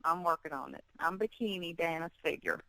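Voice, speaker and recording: A woman speaking in a thick Southern accent, with a lowish voice recorded close and dry. She talks openly and casually as an interview guest, laughing easily. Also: fairly quick, fairly bright tone, no room sound, low-quality recording. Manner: chatty and frank, laughs easily. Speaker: fitness competitor guest.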